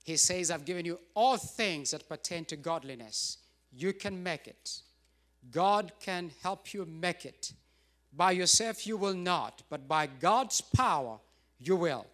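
Man, pastor, high voice, emphatic sermon, repeats lines, rising bursts. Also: a bit bright.

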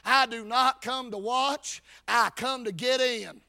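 Man, revival preacher, very high shouting voice, sharp bright tone, chanted cadence, folksy speech. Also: fairly even intonation, slow, gravelly. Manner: hollering, chanted cadence with frequent "Amen" and "Hey".

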